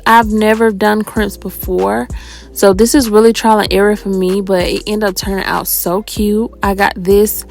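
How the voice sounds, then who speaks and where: Gravelly-voiced chatty woman vlogger. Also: mid-range voice. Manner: chatty, addresses viewers as y'all. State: out of breath and tired. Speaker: hair tutorial vlogger. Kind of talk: casual tutorial voice-over.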